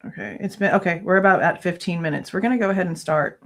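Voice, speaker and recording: A woman's voice: fairly low pitch, quick pace. A woman in her thirties hosting a true crime livestream, venting angrily with frequent swearing in casual commentary.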